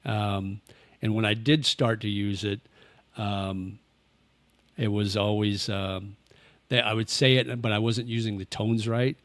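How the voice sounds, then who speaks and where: A man hosting a casual livestream, reading viewer comments and rambling relaxed with lots of fillers and chuckles. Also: lowish voice, unhurried, no room sound. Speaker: livestream host. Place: home, living in Thailand.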